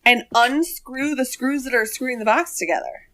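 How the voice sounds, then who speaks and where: A woman's voice: high-pitched, expressive, moderate pace, fairly bright tone. A woman recapping a movie in casual podcast chat, laughing and acting out the characters' lines. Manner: laughing, acts out characters in quotes. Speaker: podcast guest.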